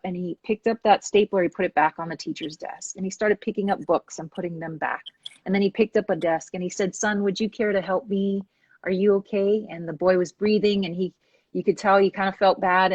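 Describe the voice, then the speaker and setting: A woman hosting a talk show, telling a story with lively acted-out quotes. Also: lowish voice, breathy edge, no echo, highs cut off. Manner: animated storyteller acting out quoted voices. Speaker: host.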